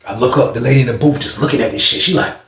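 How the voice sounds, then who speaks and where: A man telling a story in a casual, animated, slangy and profane way. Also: mid-range voice, rapid-fire, echoey room.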